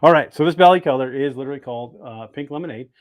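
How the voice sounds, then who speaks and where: This is the host of a bait-making livestream, speaking casually from an indoor workshop and calling out viewers by name as he works. He talks at a racing pace in a medium pitch, and there's no echo.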